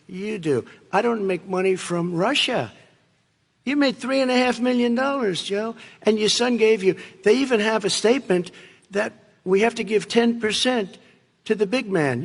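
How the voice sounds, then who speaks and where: A man's voice: high voice, creaky. An older man in his seventies debating live, combative and interrupting, repeating his points. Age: 70s. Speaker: debate candidate. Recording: live hall with reverb.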